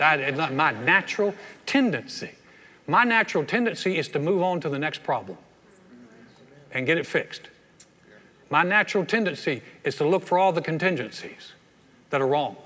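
A man's voice: on the high side, a bit bright, in a large hall. An older man, a pastor preaching a sermon in a folksy, conversational way with playful asides. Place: church hall.

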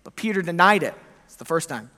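A bright, high-pitched male pastor preaches with lively storytelling, slipping into the voices of the people he quotes. His sermon rings out with a long hall reverb around it. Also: quick pace. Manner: animated storytelling, acting out quoted lines.

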